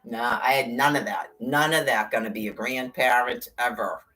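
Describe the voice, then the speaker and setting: A woman's voice: rumbling low, moderate pace, fairly bright tone. A middle-aged woman in casual chat, rambling, blunt and profane, with sarcastic asides. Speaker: podcast host.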